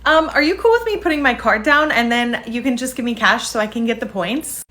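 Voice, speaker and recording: Brief: woman playing an upbeat young American traveler, fairly high-pitched and a little whiny, comedy sketch. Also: expressive, brisk, pushed and bright. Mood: eager, defensive. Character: eager young American woman tourist chasing credit card points.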